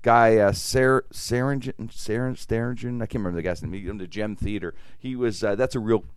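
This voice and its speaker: A man's voice: fairly low pitch, fairly quick, clean tone, no room sound, clean studio sound. A man chatting casually as a podcast host, rambling with many restarts and fillers. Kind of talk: casual chat.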